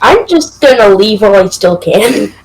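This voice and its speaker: A woman playing a choose-your-path story game, answering quickly and reacting to the events. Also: medium pitch, sing-song, darkish tone, low-quality recording. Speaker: player. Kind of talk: casual role-play.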